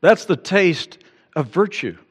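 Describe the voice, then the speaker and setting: Male pastor, sermon delivery, slightly high voice, emphatic rises; echoing church hall. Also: expressive, slow, slightly rough. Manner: preaching with rising emphatic peaks and acted-out quotes.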